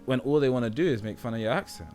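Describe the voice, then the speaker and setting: Racing along in a mid-range, slightly mellow voice, a young man with a British accent delivers a rambling, casual monologue to his YouTube audience. He regularly asks "do you know what I mean," with soft background music underneath.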